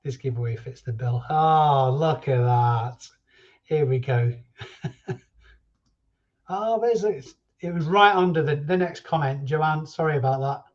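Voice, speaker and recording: A man's voice: on the high side, unhurried, dull audio. A man hosting a casual live stream, chatty and jokey as he reads out viewers' names. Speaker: reseller livestream host.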